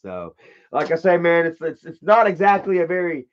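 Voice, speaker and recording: A high-voiced man rambles through a story on his live stream, swearing freely and stumbling over restarts. His loud quoted outbursts cut through muffled, lo-fi audio. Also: sing-song, moderate pace. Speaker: livestreamer.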